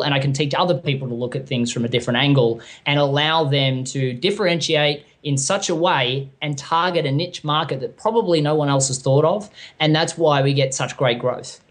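A man's voice: mid-range voice, a bit bright. An Australian man interviewed as a business growth consultant, speaking in an upbeat, persuasive way about his work. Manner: upbeat, persuasive, says mate. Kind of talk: interview guest, confident self-pitch.

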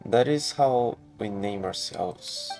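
With faint music behind him, a man reads game dialogue for an eccentric, theatrical male inventor, speaking in a grandiloquent, wordy, grandiose way. His voice is fairly low, slow, creaky, and a little mellow.

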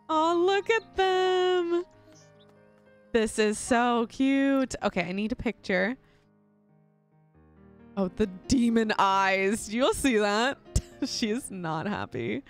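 A young woman casually commentating her life-sim gameplay, gushing and giggling often. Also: mid-range voice. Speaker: gaming channel host. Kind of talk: casual let's play commentary.

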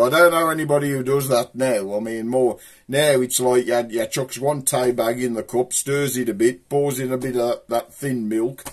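A man's voice: medium pitch, husky. A middle-aged man with a broad Black Country accent, hosting a rambling, chatty comic show. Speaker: host. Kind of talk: casual comic monologue to camera.

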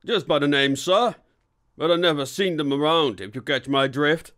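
A man's voice: fairly high pitch, normal speed, a bit bright, pitched above the performer's own voice, natural voice. Man putting on a blunt working-class coach driver. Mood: wary.

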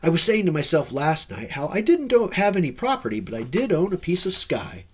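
A man voicing a lanky, exuberant young dreamer in a storybook reading, pitched a little above the narrator's own voice. His lines swing widely in tone, and his husky voice is eager and lively, now and then sinking to a hush. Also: fairly quick.

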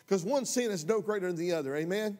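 A man's voice: sits high, animated, quick pace, a little mellow. A man preaching a sermon as pastor, folksy and impassioned, rising to heated outbursts. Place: church sanctuary. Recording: long hall reverb.

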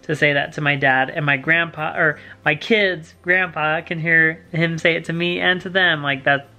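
Bright-voiced young man telling a story. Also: a little high, fairly even intonation, normal speed, dull audio. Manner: warm, emotional storytelling with laughs. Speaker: vlogger. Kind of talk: casual chat.

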